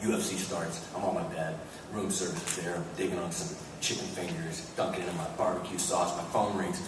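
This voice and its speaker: A man telling profane, animated comic stories as a guest on a convention panel, often breaking into laughs, recorded in a large hall. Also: deep voice, fairly quick. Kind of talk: comic anecdote storytelling. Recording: echoey hall miked from far, noisy.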